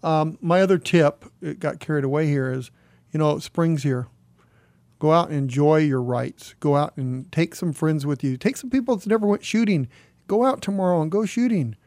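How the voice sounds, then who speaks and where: A man's voice: fairly high pitch, moderate pace, a little mellow, dry recording. A man co-hosting a talk radio show, chatting in a folksy, enthusiastic way. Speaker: radio co-host. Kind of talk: casual talk radio chat.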